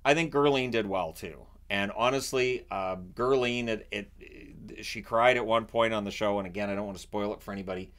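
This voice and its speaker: A man from Canada chatting casually about a reality show he watches, animated and often restarting his sentences. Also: fairly low pitch, brisk, few pauses. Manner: animated, acts out quotes in raised voice; repeats and restarts words often. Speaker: vlogger. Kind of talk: casual chat.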